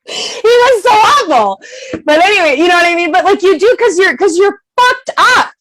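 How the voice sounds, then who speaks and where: Lively high-voiced woman, profane and emphatic. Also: moderate pace, rough recording. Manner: animated, profane, emphatic, laughs often. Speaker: podcast guest. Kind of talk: candid podcast conversation.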